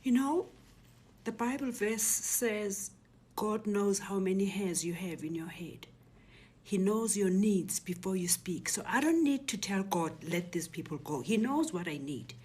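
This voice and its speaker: A woman giving a personal testimony, telling her story in a hushed, breathy half-whisper and quoting what others said. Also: medium pitch, animated, unhurried. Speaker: speaker recounting a personal ordeal.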